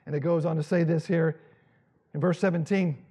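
A male pastor preaching a dramatic, animated sermon and acting out Bible scenes. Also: on the high side, brisk, husky.

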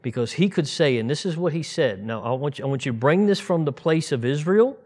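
A man's voice: a little high, animated, fairly quick, darkish tone. A man in his fifties giving an informal sermon, conversational and digressive, now and then rising to emphatic outbursts. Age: 50s. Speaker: preacher.

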